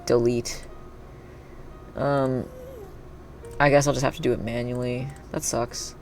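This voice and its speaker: Gravelly-voiced streamer thinking aloud. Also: mid-range voice, unhurried, a little hiss or hum. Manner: thinks aloud, chatty, bursts into excited cheering. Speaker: live streamer. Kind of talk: casual live-stream chat while playing. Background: faint background music and keyboard typing.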